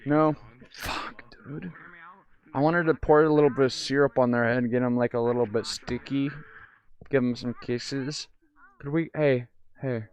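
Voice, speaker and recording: A man chatting with strangers in a VR game, crude and teasing, swinging from mumbles to shrill giggles and shouts. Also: fairly even intonation, moderate pace, smooth. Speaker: VR streamer. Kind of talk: casual VR chat with strangers.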